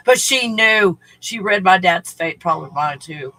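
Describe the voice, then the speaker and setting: A man's voice: sits high, lively intonation, a little slow, few pauses, pushed and bright, rough recording. A man hosting a casual live stream, rambling through stories, laughing often, swearing freely and greeting viewers by name.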